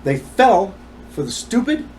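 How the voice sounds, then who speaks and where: A man ranting through a personal story with rapid asides. His voice is animated and swings widely in pitch, with a faint hiss of noise under it. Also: poor audio.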